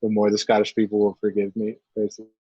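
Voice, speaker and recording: A man co-hosting a live painting stream, talking casually in halting, joking bursts full of uhs. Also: lowish voice, monotone, warm tone, slightly rough, dry recording, highs cut off. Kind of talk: casual chat while painting.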